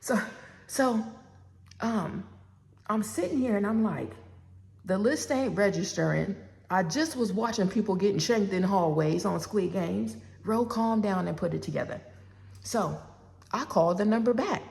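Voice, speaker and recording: A gravelly-voiced woman in her forties tells a personal story in a loose, chatty way and plays out both sides of a phone call. She turns to her listeners often. Her voice rings with a long reverb. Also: medium pitch, a little slow. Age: 40s. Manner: animated, acts out both sides of a phone call, talks straight to the audience.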